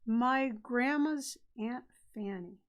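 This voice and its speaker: Co-hosting a live stream, a woman from Idaho, USA, chats casually, telling stories and often cutting in while her co-host talks. Her voice is on the high side, and she takes things slowly.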